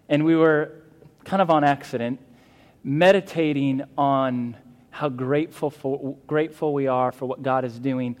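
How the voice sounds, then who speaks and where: A man preaching a sermon as a pastor, earnest and emphatic, with fillers and restarts. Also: mid-range voice. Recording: long hall reverb.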